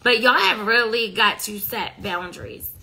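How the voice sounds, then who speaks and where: A woman's voice: a little high, unhurried, pushed and bright, breathy edge. A woman doing a casual tarot reading, talking bluntly in profane slang and scolding her listeners. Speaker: tarot reader.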